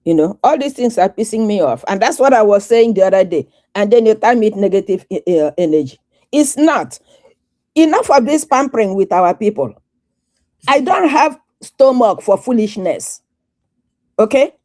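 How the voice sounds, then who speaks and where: A woman's voice: medium pitch, lively intonation, moderate pace, a little mellow. A woman with a Nigerian Igbo accent speaking as a guest on a talk show, angry, emphatic and lecturing. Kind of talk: casual talk show chat.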